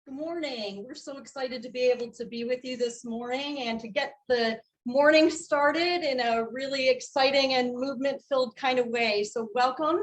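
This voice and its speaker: A woman's voice: sits high, steady tone, moderate pace, few pauses, poor audio. A woman who trains teachers and sings for families, giving an upbeat welcome and urging the audience to join in. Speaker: children's music performer and teacher trainer. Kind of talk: welcoming address to a conference.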